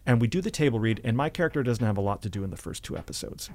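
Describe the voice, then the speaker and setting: A man, an actor, telling stories from his career in a casual interview, animated and laughing at himself. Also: mid-range voice, racing. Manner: animated anecdotes with self-deprecating laughs. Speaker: actor and podcast guest.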